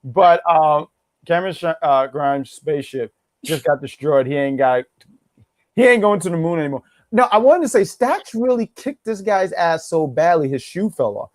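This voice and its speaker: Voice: mid-range voice, lively intonation, normal speed, no echo, clean studio sound. A co-host of a wrestling review show in casual chat, joking around, ranting and laughing often.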